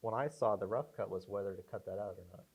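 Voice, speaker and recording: Husky-voiced co-panelist, quick low interjections. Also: male voice, darkish tone. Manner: short prompting questions. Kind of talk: brief interjections at a Q&A.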